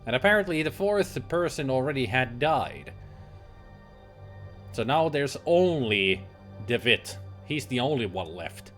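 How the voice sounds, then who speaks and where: A man's voice: mid-range voice, big pitch swings, a little slow, fairly bright tone, soft background music. A man streaming a game, commenting casually and reacting aloud. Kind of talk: casual let's-play commentary.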